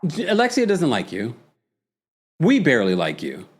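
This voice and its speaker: A man's voice: medium pitch, moderate pace, very noisy. Sassy man recapping reality TV. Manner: animated, sassy gossip with mimicry. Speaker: host. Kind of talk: casual reality-TV recap livestream.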